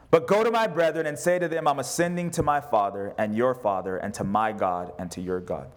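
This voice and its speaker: Male pastor, sermon to a congregation, scripture reading, playful jokes, slightly high voice. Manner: preaching with humor, reading scripture aloud. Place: church service with congregation.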